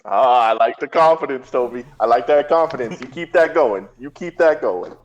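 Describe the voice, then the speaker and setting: A man's voice: medium pitch, expressive, moderate pace, muffled recording, lightly acted. A man voicing a confident young team captain who coaches a friend in a casual, slangy way. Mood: encouraging.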